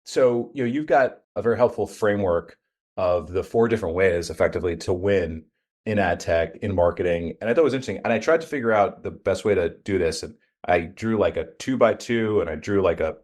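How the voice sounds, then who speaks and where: A man from Staten Island co-hosting a business podcast, talking in a relaxed, anecdotal way. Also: low voice, fairly quick. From Staten Island, New York. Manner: relaxed, storytelling, many fillers and restarts. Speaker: podcast co-host. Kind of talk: casual conversational podcast chat.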